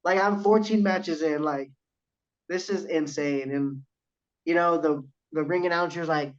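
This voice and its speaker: A young man tells a story on a casual podcast, eagerly acting out the other people in it and swearing freely. His voice sits a bit high. The recording sounds dull and lo-fi. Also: fairly even intonation, normal speed. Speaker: guest, professional wrestler. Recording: dull lo-fi audio.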